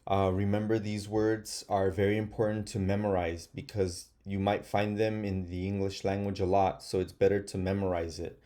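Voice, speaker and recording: A man's voice: deep voice, little pitch movement, dark tone. A man teaching first graders in an online phonics lesson, patiently sounding out words and asking them to repeat after him, with frequent hesitant fillers. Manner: slow, patient, models sounding out words aloud.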